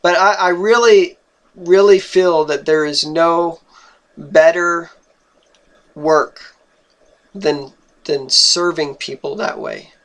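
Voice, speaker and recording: Young man, high-pitched voice, slow delivery, personal storytelling, earnest, halting, repeats words. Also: a bit bright.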